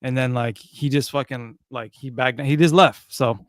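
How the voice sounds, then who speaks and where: A man co-hosting a podcast, telling a story in a casual, animated, profane way. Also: medium pitch, normal speed, dry recording, clean studio sound. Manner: animated, profane storyteller, swings loud and soft. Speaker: podcast co-host. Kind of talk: casual chat.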